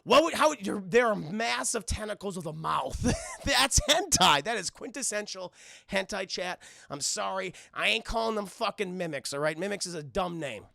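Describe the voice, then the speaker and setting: A young male streamer retells a film with great excitement, swears freely and keeps calling out to his chat. His voice is high and bright, with a gravelly edge and a dry, close sound. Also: moderate pace, no room sound. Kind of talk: excited casual recap to live chat.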